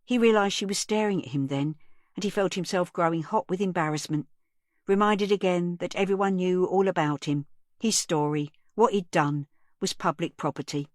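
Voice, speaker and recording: This audiobook comes from a woman with a fairly low voice, reading scripted narration in an even, measured storytelling style. The recording is dry and studio-clean.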